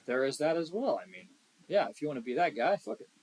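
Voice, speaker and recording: A young man co-hosting a podcast in casual chat, blunt and profane, swinging between loud emphasis and quiet asides. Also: a little high, very animated, fast, breathy edge, rough recording. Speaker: podcast co-host.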